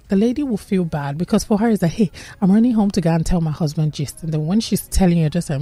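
Animated woman with a Nigerian accent. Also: lowish voice, fast talker, hardly any pauses, dry recording. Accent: Nigerian English. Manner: animated, acts out quoted dialogue with playful voices. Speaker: relationship advice speaker. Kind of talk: casual advice talk.

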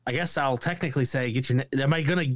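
A man's voice: mid-range voice, fast talker, no echo. A man co-hosting a podcast, chatting casually and telling stories with laughs and swearing. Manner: storytelling, swearing, laughing often. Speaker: podcast co-host. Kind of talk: casual chat.

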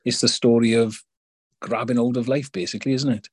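Husky supportive male podcast host. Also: mid-range voice, level tone, fairly quick, no echo. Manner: supportive, asks long winding questions. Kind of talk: conversational interview.

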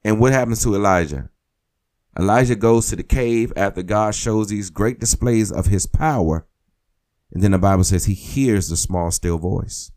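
Low-voiced male preacher exhorting. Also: normal speed, darkish tone. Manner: exhortative, repeats phrases for emphasis. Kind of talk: sermon.

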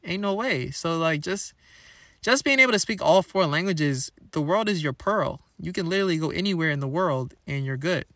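A man's voice: fairly high pitch, animated, normal speed, bright, forceful tone, dry recording, studio quality. A young man hosting a solo podcast, chatting casually in a playful, rambling, slangy way. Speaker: podcast host.

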